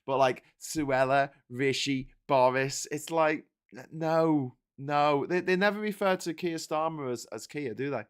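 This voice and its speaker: A man's voice: mid-range voice, a bit bright, clean tone. A man hosting a casual livestream, talking through the morning papers in a sarcastic, rambling way and laughing easily. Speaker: host.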